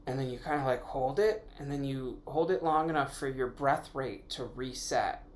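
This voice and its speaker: A man's voice: mid-range voice, normal speed. A man hosting his own podcast, thinking aloud in a casual, rambling way, correcting himself as he goes and swearing now and then. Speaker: podcast host. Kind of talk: casual solo podcast musing.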